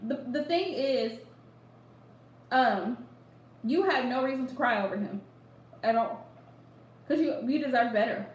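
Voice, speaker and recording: Woman doing a live chat with viewers, high voice, says things twice for emphasis, kinda echoey room. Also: unhurried, long pauses. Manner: animated, repeats lines for emphasis, laughs often. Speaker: livestream host giving readings.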